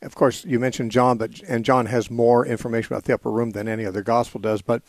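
A man hosting a call-in radio program, explaining scripture at an unhurried, measured pace. He pauses often with small fillers. His voice is close and dry, with no room sound, from a studio microphone. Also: medium pitch, level tone, no echo. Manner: measured, explanatory, with frequent "uh" and "you know". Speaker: radio call-in show host. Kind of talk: call-in radio Bible answers.

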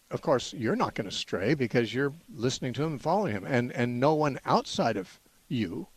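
A man hosting a call-in radio Bible show, explaining in a measured way with frequent "uh" restarts. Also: mid-range voice, dry recording. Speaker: radio Bible-answer host.

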